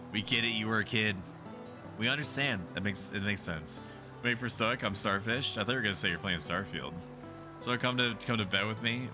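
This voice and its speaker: A male streamer riffing casually over a game, quick with a profane joke and a laugh. His voice sits on the low side. Game music plays clearly under everything he says. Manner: joking, profane, laughs often. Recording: game music playing behind.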